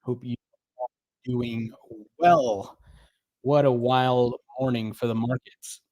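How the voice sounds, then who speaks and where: A middle-aged man with a New Jersey accent talks in a relaxed, upbeat livestream manner, greeting viewers and chatting with plenty of ums. His pitch sits in a typical male middle range. The sound is dry and close, with no room echo. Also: takes it slowly. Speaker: crypto livestream host. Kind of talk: casual livestream chat reading viewer comments.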